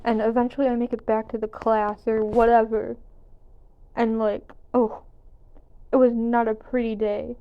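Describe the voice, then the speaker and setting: A woman's voice: fairly high pitch, flat delivery, normal speed, smooth. Candid young woman, slightly muffled mic. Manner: candid, self-deprecating, swears casually. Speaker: gaming vlogger. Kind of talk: casual storytelling over gameplay.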